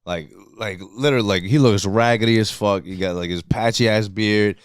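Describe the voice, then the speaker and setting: A man's voice: on the low side, fairly quick, smooth, no room sound, studio quality. A man from New Jersey in loose, profane comedy podcast banter, laughing often and repeating himself as he talks. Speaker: podcast guest or co-host. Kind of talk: casual comedy podcast chat.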